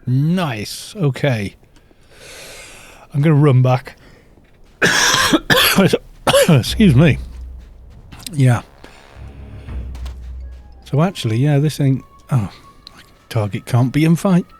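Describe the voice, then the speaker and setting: A man's voice: medium pitch, wildly swooping pitch, drawn-out words, pauses often, soft background music. A man streaming a game live, chatting casually and telling rambling stories between remarks on play. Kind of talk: casual live-stream chat while gaming.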